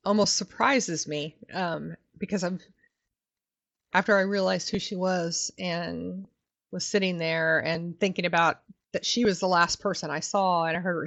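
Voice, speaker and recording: A woman's voice: lowish voice, a bit bright. A woman playing in a tabletop game, talking through her thoughts in a rambling, thoughtful way. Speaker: player. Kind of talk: casual tabletop role-play. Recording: muffled lo-fi mic.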